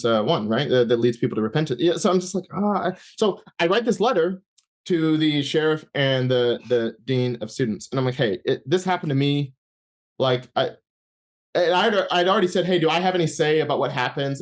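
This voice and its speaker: A young man giving an interview, telling a personal faith story in a casual, halting way full of fillers, restarts and acted-out inner dialogue. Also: mid-range voice. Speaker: interview guest. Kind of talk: personal testimony in casual conversation.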